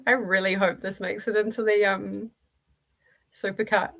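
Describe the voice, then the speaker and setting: A New Zealand-accented streamer running a reading sprint reads viewer comments aloud, laughing a lot and chatting with fillers and restarts. Her mid-range, gravelly voice is a bit bright and shows little pitch movement, moving at a moderate pace broken by long pauses.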